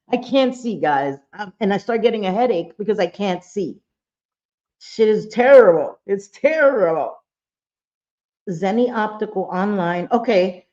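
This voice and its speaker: A woman's voice: mid-range voice, lively intonation, measured pace, mellow, lo-fi sound. A woman hosting a casual livestream chat, blunt and talkative, swearing freely and greeting viewers by name. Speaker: livestream host.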